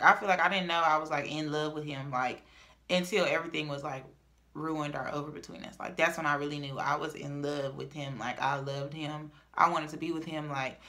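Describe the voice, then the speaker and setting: Young woman, casual storytime, somewhat low voice, swings between loud and murmured. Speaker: vlogger telling a story.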